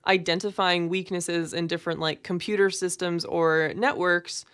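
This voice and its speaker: A woman's voice: on the low side, steady tone, moderate pace, fairly bright tone, clean tone. A young adult woman co-hosting a casual chat, talking in a chatty way with lots of fillers. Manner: chatty, filler-heavy, laughs easily. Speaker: podcast co-host.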